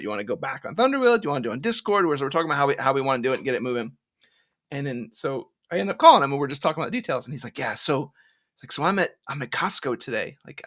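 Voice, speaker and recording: A man guesting on a casual live stream, telling a story and acting out the quotes. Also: fairly high pitch. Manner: animated storyteller, acts out quotes.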